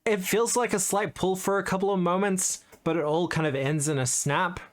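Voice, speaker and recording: A male game master narrating a fantasy tabletop session. He describes the scene in a loose, easygoing way, pausing over words as he goes. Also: high voice. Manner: descriptive, relaxed narration with hesitations.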